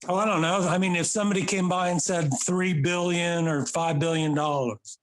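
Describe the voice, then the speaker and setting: A man's voice: high voice, steady tone, normal speed. Effusive man on a group call. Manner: effusive, hesitant, repeats "I mean". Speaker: agent asking a question on the call. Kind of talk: casual call participant.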